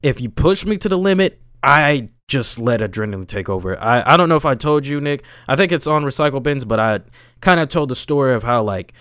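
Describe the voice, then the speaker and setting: Young man, casual storyteller, lively pitch, slangy, dry close sound. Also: brisk, clear, resonant tone, no room sound. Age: young adult. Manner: animated, slangy, swings between loud and low.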